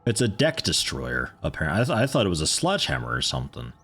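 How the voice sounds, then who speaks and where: Man, very deep voice, casual game stream commentary, rambling and joking. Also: wildly swooping pitch, fast talker, a bit bright, breathy edge. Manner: rambling, joking asides to chat.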